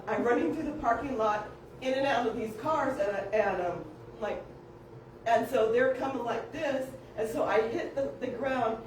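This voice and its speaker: A woman casually telling family stories, animated, acting out voices and laughing often. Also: fairly high pitch, slight background noise. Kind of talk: casual storytelling. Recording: echoey room, distant mic.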